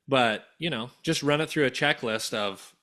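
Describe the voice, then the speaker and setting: Man podcast co-host, bright and forceful tone, practical and easygoing. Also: mid-range voice, moderate pace. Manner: practical, advice-giving, relaxed. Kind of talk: casual business podcast talk.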